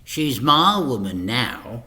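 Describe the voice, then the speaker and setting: A man's voice: mid-range voice, big pitch swings, slow, pushed and bright, full character voice. A man voicing a short, boastful male crime boss who snarls and smirks. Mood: mocking.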